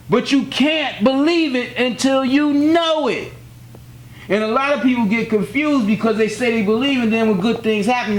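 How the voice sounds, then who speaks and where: A man from the United States giving a spiritual teaching in an earnest, plainspoken way, repeating key phrases and telling personal stories. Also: extremely high pitch. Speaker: religious teacher.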